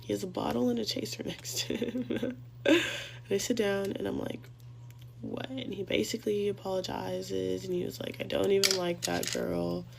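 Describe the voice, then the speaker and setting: A woman's voice: mid-range voice, little pitch movement, normal speed, vocal fry, noisy background. A young woman telling a rambling, profane story in a casual vlog.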